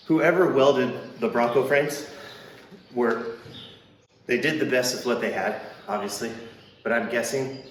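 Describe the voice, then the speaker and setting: A man's voice: mid-range voice, unhurried, long pauses, slight background noise. Wry joking man in an echoey garage. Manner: wry, self-deprecating, jokey. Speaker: car restoration vlogger. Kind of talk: casual joking walkthrough. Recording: echoey workshop, mic at a distance, faint ambience.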